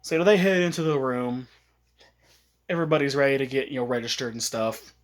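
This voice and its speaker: A man's voice: medium pitch, fast. A man casually retelling a fan-made story, rambling, with many fillers.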